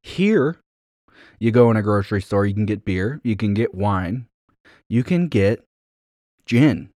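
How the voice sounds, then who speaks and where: A man's voice: fairly low pitch, expressive, a little slow, darkish tone, no echo, studio quality. A man from New York co-hosting a podcast, chatting casually and wryly, full of hesitations and fillers. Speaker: podcast co-host. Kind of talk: casual chat.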